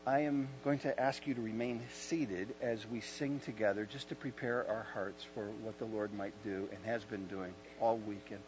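A man preaching a sermon at an evening church service, moving from calm teaching to loud, impassioned storytelling and hushed moments. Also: lowish voice, moderate pace, hardly any pauses. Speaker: pastor. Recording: dull lo-fi sound with faint mains hum.

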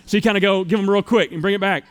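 A man in his thirties from the United States, preaching a sermon as pastor, storytelling with playful, animated asides. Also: high voice, racing, clean tone.

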